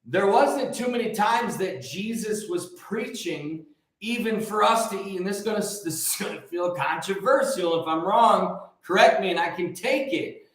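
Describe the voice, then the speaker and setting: A high-voiced man preaching on his morning show in a loose, joking way, wandering off on tangents as he goes. His voice rings out in a very echoey room with a long tail. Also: moderate pace. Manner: joking, rambling, animated. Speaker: host and preacher. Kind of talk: casual live preaching talk.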